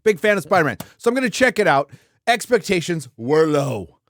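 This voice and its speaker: A Southern California man in his fifties hosts a casual livestream chat, loose, joking and crude, often trailing off into filler words. His voice is a little high and sing-song, a bit fast, with clean, echo-free studio sound.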